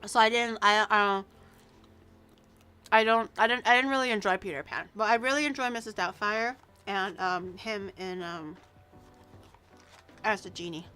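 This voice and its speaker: A woman's voice: medium pitch, moderate pace, long pauses, pushed and bright, smooth. A woman in her early twenties with a Canadian accent, chatting casually and teasingly with viewers on a livestream, with lots of fillers. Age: early 20s. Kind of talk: casual chat reacting to viewers.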